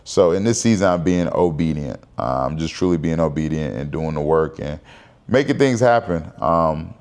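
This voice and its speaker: A man's voice: a bass voice, lively intonation, moderate pace, darkish tone. A man in his thirties talking candidly to camera in a casual personal vlog, rambling and conversational. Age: 30s. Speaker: vlogger.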